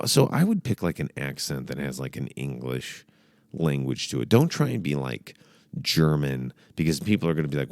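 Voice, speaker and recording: Comedy host, man, very deep gravelly voice, lively sarcastic delivery, dry close sound. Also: fairly quick, dry recording. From United States. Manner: sarcastic, profane, animated, puts on mock accents. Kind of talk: rambling comedic advice.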